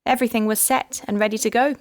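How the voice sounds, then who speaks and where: A woman's voice: fairly high pitch, steady tone, fast, no room sound, clean studio sound, pitched above the performer's own voice, close to an everyday voice. An audiobook narrator, a woman, voicing a heartbroken female detective who tells her past with wry bitterness. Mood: wistful. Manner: wry, rueful storytelling.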